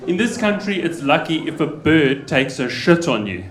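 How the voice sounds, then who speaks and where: A man doing a brisk, animated stand-up set. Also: fairly high pitch. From South Africa. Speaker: stand-up comedian. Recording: noisy echoey club with crowd.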